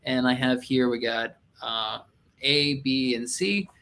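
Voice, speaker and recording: Guy co-hosting a chat, medium voice, relaxed, gets animated in asides. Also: medium pitch, takes it slowly, gravelly, a little hiss or hum. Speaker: co-host, real estate agent and YouTuber. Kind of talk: casual chat.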